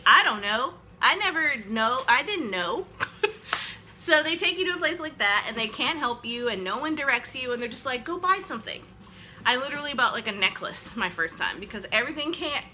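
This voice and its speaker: A woman's voice: a little high, bright, forceful tone, slight background noise, poor audio. A woman vlogger telling a long personal story to her camera in a casual, rambling way, full of "like" fillers and self-deprecating jokes. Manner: chatty and rambling, with frequent "like" fillers. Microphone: camera she films herself with.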